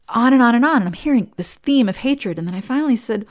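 A woman's voice: on the high side, expressive, quick pace, hardly any pauses. A woman who is a licensed therapist, giving an earnest, conversational talk to fellow therapists and telling stories along the way.

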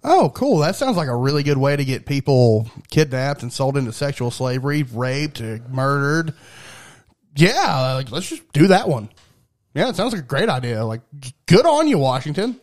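A man's voice: mid-range voice, sing-song, moderate pace. A man co-hosting a podcast in casual, profane chat, sarcastic and telling stories. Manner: crude, sarcastic, storytelling. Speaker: podcast co-host.

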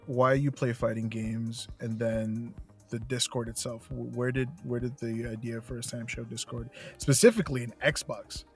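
A man's voice: mid-range voice, flat delivery, normal speed, creaky, faint music behind. A young man hosting a podcast who talks in a friendly, rambling way with many fillers as he interviews his guest. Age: young adult. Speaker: podcast host. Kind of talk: casual podcast talk and interview.

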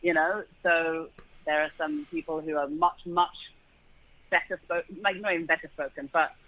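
A man's voice: fairly high pitch, animated, moderate pace, creaky, sharp tone, low-quality recording. A man with a middle-class London accent, a guest talking casually and thoughtfully, often stopping to restart his sentences. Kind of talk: casual conversation.

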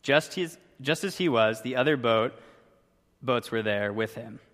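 A man's voice: mid-range voice, a little slow. Chatty young man preaching in a hall. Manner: chatty, joking, lively storytelling. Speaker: youth pastor. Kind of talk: casual youth sermon with story. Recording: long reverb from a hall.

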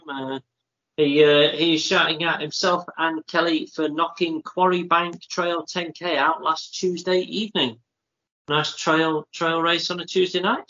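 A man co-hosting a podcast, reading listener shout-outs in an upbeat, jokey way. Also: fairly high pitch, muffled recording. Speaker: podcast co-host. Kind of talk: casual chat.

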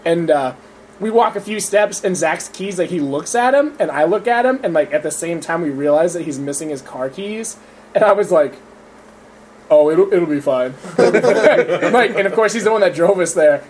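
A man's voice: high voice, lively intonation, moderate pace, slight background noise. A young man casually telling a profane, laughing story to friends. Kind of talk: casual chat.

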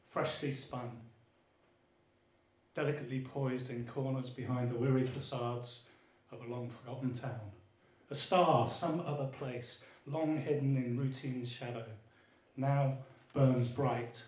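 A man reads his poem in an earnest, lyrical way, his voice pitched at an ordinary middle height. The room around him adds a noticeable echo. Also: fairly even intonation, takes it slowly, darkish tone. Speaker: poet. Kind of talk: poetry reading. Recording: echoey room.

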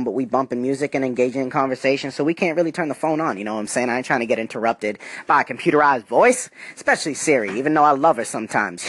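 A man hosting his own comedy podcast, talking in an animated, slangy way and laughing often between jokes. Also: a little high, no echo. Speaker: podcast host.

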